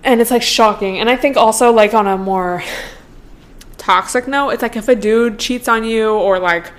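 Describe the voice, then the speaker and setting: A woman's voice: a little high, moderate pace. Young woman podcasting solo, casual and sweary, lotta "like", laughs a bunch. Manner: chatty, profane, full of "like", laughs often. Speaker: podcast host.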